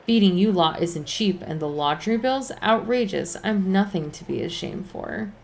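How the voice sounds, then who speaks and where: A woman's voice: medium pitch, animated, normal speed, gravelly, a little mellow, slight background noise. A woman playing a greedy, smarmy male innkeeper. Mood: defensive.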